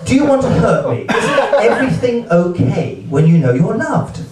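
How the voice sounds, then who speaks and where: A man doing a stand-up set at a live gig, talking in a hesitant, halting way with many fillers and restarts. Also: high voice, sing-song, crowd noise. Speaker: stand-up comedian. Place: comedy venue, heard from the hall with a laughing audience. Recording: echoey hall, distant mic, audience laughter.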